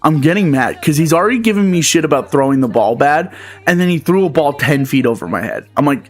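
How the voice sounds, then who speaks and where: A man in his twenties telling a story as a rant, animated and profane, with lots of filler words. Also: fairly high pitch, brisk. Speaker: vlogger.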